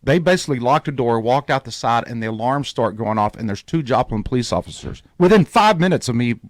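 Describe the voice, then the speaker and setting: Male radio host, lively storyteller, dry close mic. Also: mid-range voice, brisk, no room sound. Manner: animated storyteller, acts out quoted voices.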